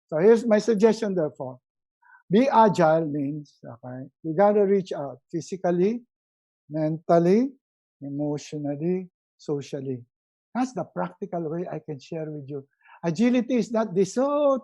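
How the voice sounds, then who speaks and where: A man's voice: moderate pace, low-quality recording. Emphatic Filipino man coaching. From Philippines. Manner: emphatic, repeats key words, drops his voice low and soft for emphasis. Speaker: resiliency coach and speaker. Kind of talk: motivational webinar talk.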